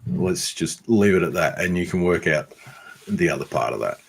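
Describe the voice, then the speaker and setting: A man's voice: deep voice, lively intonation, gravelly, breathy edge. A man with an Australian accent chatting casually to his viewers, answering comments with lots of ums and some friendly teasing. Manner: unhurried, frequent ums, teasing viewers by name. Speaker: YouTube homesteader and blacksmith answering viewer comments. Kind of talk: casual livestream chat.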